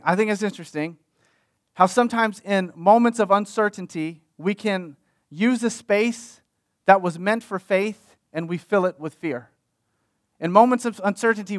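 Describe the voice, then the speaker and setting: A man delivers a sermon with a fairly high voice. The sound is dry and close, with no room echo. He preaches in a conversational way and circles back on his key phrases to stress them. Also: a bit bright. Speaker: pastor.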